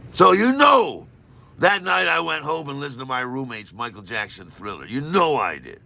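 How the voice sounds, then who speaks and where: A man telling a personal story in an animated, self-mocking way. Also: mid-range voice, normal speed, gravelly.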